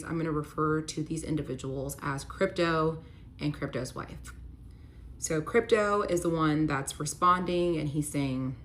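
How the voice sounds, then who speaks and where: A woman's voice: deep voice, a little hiss or hum. A young woman in a candid storytime vlog, retelling a painful betrayal with lots of filler words and an emotional, near-tearful delivery. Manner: candid, many "like" fillers, rises to pleading when reliving the argument. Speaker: vlogger telling a personal story.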